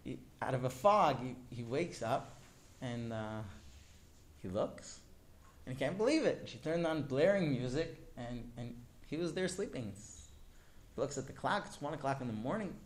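A male teacher telling a story to his class in an animated way, often turning to ask the students directly. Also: medium pitch, moderate pace.

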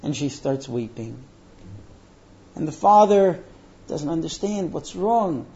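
High-voiced man teaching a religious lesson. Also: takes it slowly, dull audio. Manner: animated storyteller with fillers. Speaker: Torah teacher.

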